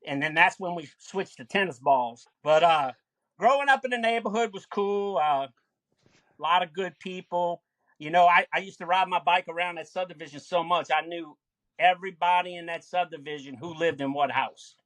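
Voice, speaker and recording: A man, a podcast guest reminiscing about his childhood in a relaxed way. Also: high voice, normal speed, dry recording. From Westbank of New Orleans. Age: 60s. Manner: relaxed reminiscing, many fillers. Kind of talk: casual interview chat.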